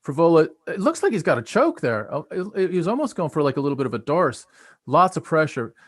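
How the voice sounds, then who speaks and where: A man with an American accent, co-hosting a live stream and giving casual, excited play-by-play of a fight, full of filler words. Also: fairly high pitch, brisk, no echo. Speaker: stream co-host.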